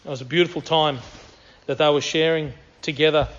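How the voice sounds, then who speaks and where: A man's voice: fairly high pitch, fairly even intonation, fairly quick, a bit bright. Earnest man preaching, dull lo-fi sound. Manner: earnest, emphatic, repeats key phrases. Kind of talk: sermon with scripture reading.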